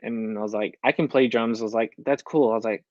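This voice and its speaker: A man's voice: lowish voice, steady tone, fast talker, dry recording, lo-fi sound. A young man, a country singer, chatting casually in an interview and acting out his own past lines with "I was like.". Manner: storytelling, quoting himself with "I was like" often. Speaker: country recording artist, guest.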